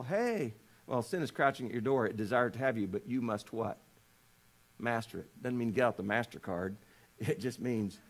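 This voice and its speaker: A man preaching a sermon, telling scripture quietly and then rising to loud, fervent appeals, often asking his listeners rhetorical questions. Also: on the low side. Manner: swings from hushed storytelling to shouting fervor; asks the congregation rhetorical questions. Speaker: pastor.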